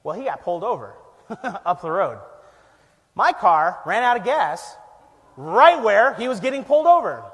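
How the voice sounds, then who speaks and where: A man preaching, telling a self-deprecating story with lively energy and frequent laughter. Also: high voice, normal speed, in a large hall. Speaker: pastor. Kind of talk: storytelling sermon. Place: church.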